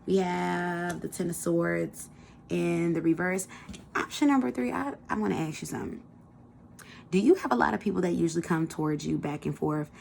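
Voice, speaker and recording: A woman's voice: on the low side, lively intonation, moderate pace, creaky, a little mellow, a little hiss or hum. A woman giving a casual pick-a-card tarot reading, chatty and colloquial, talking straight to her viewers. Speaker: tarot reader.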